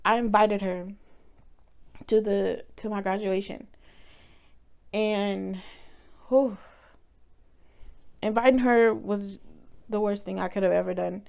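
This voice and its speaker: A woman's voice: medium pitch, steady tone, slow, gravelly, pauses often, darkish tone. A young woman vlogger telling a painful personal story in a candid, emotional way, sometimes swearing.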